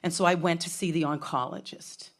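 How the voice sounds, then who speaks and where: A woman's voice: lowish voice, fairly even intonation, brisk. A middle-aged woman telling a frank, comic personal story on stage, swearing freely. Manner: frank, profane, comic, with laughs from a crowd.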